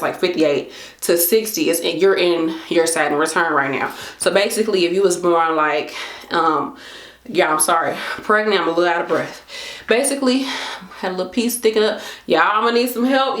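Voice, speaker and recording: A woman's voice: lowish voice, fairly bright tone. Chatty woman in her late twenties, echoey room. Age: late 20s. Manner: chatty, slangy, acts out her own thoughts in quotes. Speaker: vlogger. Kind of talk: casual chat to camera.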